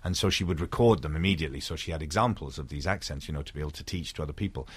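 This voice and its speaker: A man's voice: a bass voice, very fast, slightly rough. A middle-aged man from Wales with a Welsh accent, an actor talking thoughtfully in an interview, with frequent restarts. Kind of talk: reflective interview conversation.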